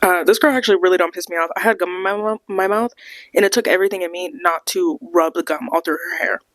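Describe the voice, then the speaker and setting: A woman's voice: fairly low pitch, fast, fairly bright tone, no echo. Young female podcast host, casual storytime, frequent cursing, dry close sound. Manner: rambling, swears a lot, acts out quoted voices.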